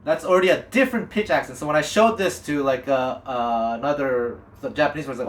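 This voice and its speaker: A man's voice: mid-range voice, a little fast, hardly any pauses. A man teaching jazz guitar in a casual, chatty way, wandering off into side stories as he talks. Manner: chatty and digressive, many restarts. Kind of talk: casual talk to camera. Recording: echoey room.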